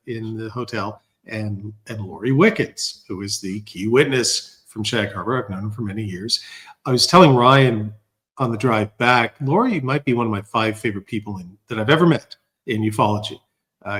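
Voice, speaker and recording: A filmmaker guest telling animated anecdotes with dry humor in a casual podcast chat. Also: male voice, mid-range voice, normal speed.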